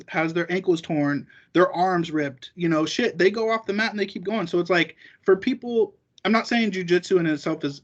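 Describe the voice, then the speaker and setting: A jiu-jitsu competitor appears as a podcast guest, chatting casually in a rambling, profane way and acting out what other people said. His voice is high, and the audio sounds dull.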